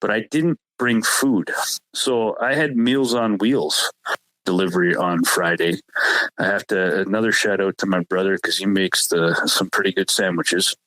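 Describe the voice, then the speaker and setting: A man telling a long hunting story on a casual podcast. He talks in a halting way and often repeats and restarts his words. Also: low voice, steady tone, a bit bright, no room sound, rough recording.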